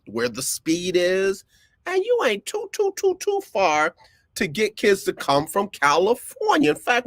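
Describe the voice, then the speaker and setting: A middle-aged man, hosting a casual live-streamed sports talk show. He talks in an animated way, repeats phrases for emphasis and jumps up in pitch when he gets fired up. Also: dry recording.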